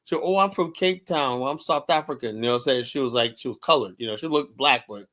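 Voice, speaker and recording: This podcast host speaks fast in a mid-range voice that sounds pushed and bright. His talk is a relaxed chat full of anecdotes, and he often tosses in "right?" to check in.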